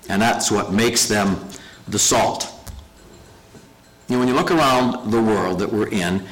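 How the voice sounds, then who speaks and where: A pastor preaching a sermon, earnest and emphatic, slowing down to stress key phrases. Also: male voice, mid-range voice, fairly bright tone, poor audio.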